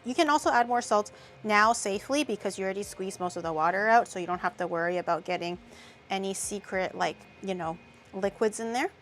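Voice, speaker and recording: A woman's voice: mid-range voice, a little fast, a bit bright, a little hiss or hum. A woman hosting a casual cooking tutorial, chatty and loose, with the odd crude joke. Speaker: vtuber cooking host.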